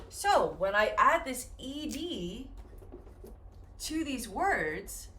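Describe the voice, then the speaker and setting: Woman english teacher, slow and careful, sounds out words, lively up and down voice. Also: fairly high pitch, slight background noise. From United States. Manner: slow, clearly modeled example words. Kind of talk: classroom lesson on pronunciation.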